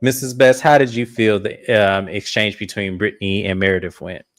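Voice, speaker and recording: A man hosting a casual reality-TV recap, telling the story in an animated, profane way. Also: on the low side, moderate pace. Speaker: podcast host.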